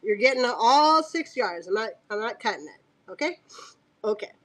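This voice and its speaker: A woman's voice: fairly high pitch, animated, moderate pace, a bit bright. A woman selling fabric on a casual live stream, chatty and joking, laughing often and talking aside to her dog.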